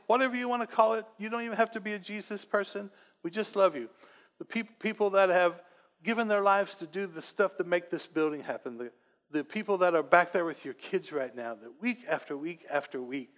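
Male pastor, high voice, emotional and rambling sermon with self-deprecating jokes, long hall echo. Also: a bit bright. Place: church sanctuary. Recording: long church-hall reverb.

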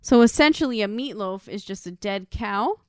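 A woman casually recapping a movie with a friend, animated and laughing as she acts out the scenes. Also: medium pitch, normal speed, smooth, no room sound, studio quality. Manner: animated retelling with acted quotes and laughs.

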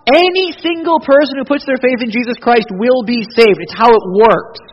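A male pastor, preaching an animated sermon that moves between loud emphasis and hushed intensity. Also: extremely high pitch, normal speed, a little hiss or hum. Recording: dull audio with long hall reverb.

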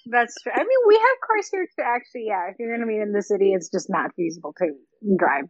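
A woman co-hosting a casual podcast, cheerful and quick to giggle. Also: mid-range voice, very animated, no room sound, dull audio. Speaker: podcast co-host.

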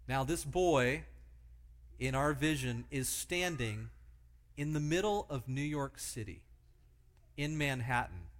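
A man delivering a sermon at a middle pitch, painting vivid pictures for his listeners. He tells illustrative stories and keeps asking rhetorical questions to draw them in. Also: a bit bright. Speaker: preacher.

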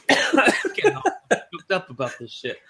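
Profane, lively man recapping wrestling. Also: high voice, measured pace, noisy background. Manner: profane, blunt, ranting play-by-play. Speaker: podcast co-host. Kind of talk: casual wrestling recap chat.

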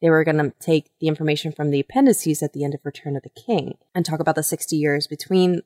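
A woman's voice: low-pitched, fast, a little mellow, dry recording, studio quality. A woman co-hosting a podcast, sharing facts in a matter-of-fact, informative way. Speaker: podcast co-host. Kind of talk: casual chat.

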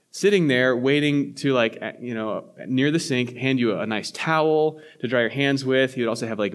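A man, a pastor, preaching a sermon in a conversational way, with frequent fillers, restarts and self-corrections. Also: medium pitch.

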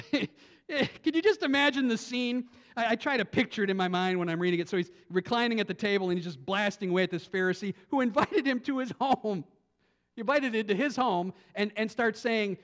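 A male pastor preaching a sermon, animated, swinging from quiet thinking-aloud asides to loud emphatic lines. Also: sits high, a little fast. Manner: repeats words and restarts as he thinks aloud.

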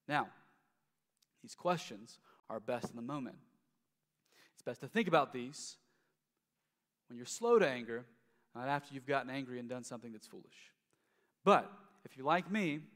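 Casual pastor in an echoing hall. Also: male voice, medium pitch, fairly bright tone. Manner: conversational, repeats and restarts words. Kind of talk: sermon.

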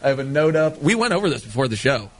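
A man's voice: mid-range voice, very animated, quick pace. A man hosting a talk show, joking and teasing in casual banter and laughing often. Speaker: radio show host.

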